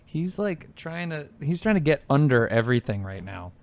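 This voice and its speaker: A man's voice: fairly high pitch, big pitch swings, normal speed. A man streaming a game in casual chat, playful and rambling, swearing casually and talking to his cat. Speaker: gaming streamer. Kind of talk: casual let's-play chat.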